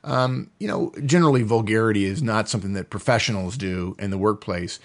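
Animated middle-aged man explaining at length. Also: lowish voice, a little fast. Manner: animated, acts out quotes in voices. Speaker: podcast host. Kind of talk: casual explanatory chat.

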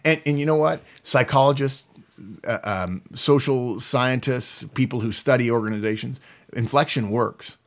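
Middle-aged guy, podcast cohost, talks super fast and animated, laughs a lot, mid pitch. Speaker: podcast co-host. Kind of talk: animated casual chat.

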